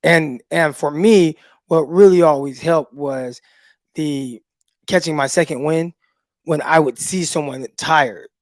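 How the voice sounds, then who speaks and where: High-voiced man telling animated stories. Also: takes it slowly, no room sound. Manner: animated storyteller, acts out quotes. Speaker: podcast co-host, former cornerback. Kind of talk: casual sports podcast chat.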